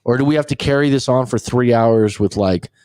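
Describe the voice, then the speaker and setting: A man hosting a relationship coaching talk show in casual chat, telling stories with lively acted-out quotes and casual swearing. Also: mid-range voice, a little fast, clear, resonant tone, dry recording, clean studio sound. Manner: animated storyteller who acts out quotes, swears casually.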